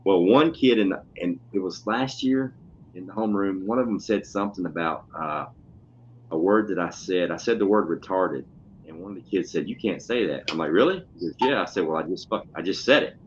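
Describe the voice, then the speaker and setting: Deep-voiced blunt man, casual and profane. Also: brisk. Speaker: podcast co-host, schoolteacher. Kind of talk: casual chat. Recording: dull lo-fi audio with faint noise.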